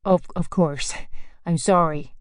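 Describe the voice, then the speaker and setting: A woman's voice: lowish voice, fairly even intonation, takes it slowly, no echo. Woman narrator doing an American stranger, courteous and awkward, dry close sound. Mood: polite. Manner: hesitant, polite, apologetic. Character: tall courteous hesitant American man.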